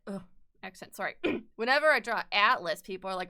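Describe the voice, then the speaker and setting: A woman's voice: mid-range voice, fairly quick, sharp tone, clear, resonant tone. A woman streamer chatting casually and rambling while she draws, self-deprecating and swearing freely. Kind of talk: casual live-stream chat while drawing.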